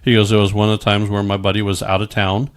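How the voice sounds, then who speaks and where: A man's voice: fairly low pitch, level tone, quick pace. A middle-aged man telling his own story in casual chat, rambling with many stammered restarts and frequent swearing.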